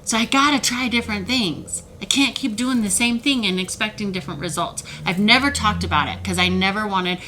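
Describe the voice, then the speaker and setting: A woman talking straight to the camera about manipulation in a heated, animated way, sometimes mocking the voices of others. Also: medium pitch, fairly quick, few pauses, slight background noise, low-quality recording. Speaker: self-help video creator. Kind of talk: emotional direct-to-camera talk.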